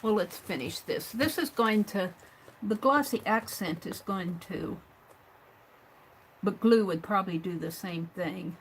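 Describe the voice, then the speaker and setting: A woman's voice: mid-range voice, unhurried, a little hiss or hum, rough recording. A woman hosting a live craft stream, thinking aloud as she works, trailing off and murmuring under her breath. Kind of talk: live craft stream, talking while working.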